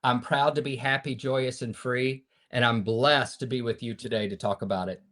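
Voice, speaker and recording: This fifties-aged podcast guest tells his own story with preacher-like earnestness, his volume rising and falling between loud and hushed. He speaks at a normal speed in a mid-range voice, with fairly even intonation.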